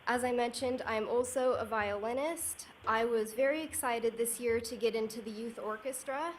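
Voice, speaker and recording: A young woman student reads a composed, prepared statement at a county meeting. Her voice sits somewhat high and stays measured. A faint hiss runs under the podium microphone. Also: poor audio. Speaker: student speaking at public comment. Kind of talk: prepared public speech. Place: county commission meeting room.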